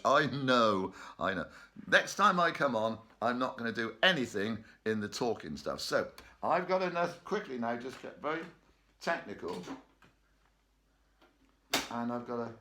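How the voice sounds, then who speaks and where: A man's voice: mid-range voice, sing-song, measured pace, sharp tone. A man leading an online choir rehearsal from his bedroom, chatty and joking, laughing often. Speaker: choir leader. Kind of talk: casual online rehearsal chat. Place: bedroom at home.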